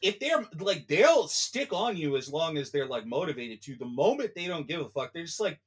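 A man's voice: on the high side, sing-song, normal speed, slightly rough. Rambling, emphatic man. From United States. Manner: rambling, emphatic and profane, with many fillers. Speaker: podcast guest. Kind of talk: casual book discussion.

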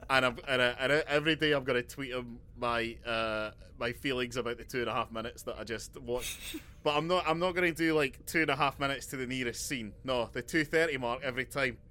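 A man co-hosting a casual comedy chat, delivering absurd jokes in a dry, deadpan way. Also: medium pitch, a little fast. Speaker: podcast co-host.

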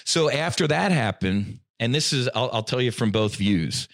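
A middle-aged man telling a personal story in casual podcast talk. He is animated and slangy, and his voice swings between loud bursts and hushed asides. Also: medium pitch, normal speed, gravelly, no room sound, clean studio sound. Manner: slangy, says "dude" and "I'm like". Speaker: podcast guest.

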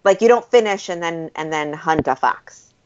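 A woman's voice: on the low side, animated, moderate pace, a little mellow. A woman co-hosting in casual banter, playful and joking, laughing often. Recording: dull lo-fi sound.

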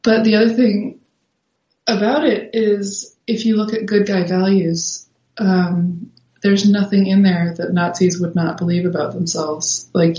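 Woman, low-ish voice, casual guest, filler-heavy, roomy dull recording. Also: darkish tone. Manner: thinks aloud with many fillers. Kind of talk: casual conversation.

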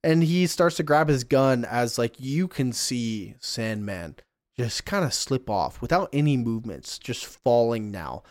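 Male game master, mid-pitched, descriptive narration, dry recording. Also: a little slow, dry recording. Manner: descriptive, relaxed, rolls of dice.

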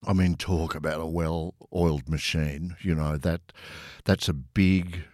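A man with a very low voice tells long stories in a relaxed, chatty way. He is recorded dry and close, with no room sound around him. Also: measured pace, no room sound. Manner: anecdotal, chatty, with fillers. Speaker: interview guest, former tour manager. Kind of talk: relaxed storytelling.

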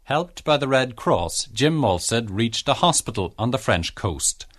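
Lively-toned male documentary narrator. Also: mid-range voice, unhurried, dry recording, studio quality.

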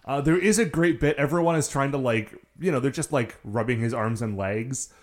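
A man's voice: mid-range voice, a little fast. A man co-hosting a casual chat about a TV episode, laughing and quoting the characters. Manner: laughing, lively, quotes characters. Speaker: podcast co-host.

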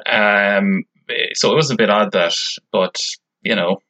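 A man's voice: on the low side, a little slow, pushed and bright. A young man co-hosting a podcast, chatting casually about a film and repeating words as he starts his sentences. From Ireland. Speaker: podcast co-host. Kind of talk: casual film review chat.

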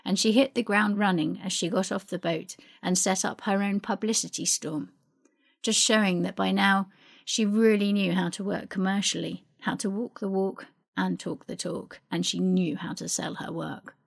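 A woman narrates from a prepared script in a measured, storytelling way. Her voice sits at a middle pitch and carries a noticeable gravelly fry. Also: fairly even intonation. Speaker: presenter reading from family archive.

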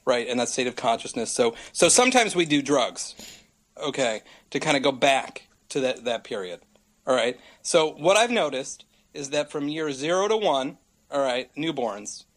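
A man's voice: mid-range voice, animated, normal speed, a bit bright. An American man in his thirties, a regular correspondent on a comedy podcast, rambling through a theory in casual chat and laughing often. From United States.

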